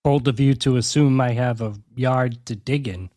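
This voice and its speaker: Male podcast co-host, mid-pitched voice, deadpan one-liners. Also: moderate pace. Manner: dry, deadpan quips. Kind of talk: casual chat.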